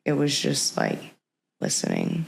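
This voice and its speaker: Gravelly woman, halting and reflective. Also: very deep voice, huge pitch swings, slight background noise. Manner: halting, reflective, with many pauses and restarts. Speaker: podcast guest. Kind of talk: personal storytelling in an interview.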